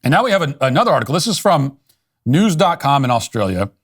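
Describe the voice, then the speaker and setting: A man from the United States hosting a commentary show, speaking in a sardonic, mocking, deadpan way as he reads out a news article and responds to it. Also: a little high, fast talker. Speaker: political commentator host. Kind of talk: scripted monologue with reading aloud.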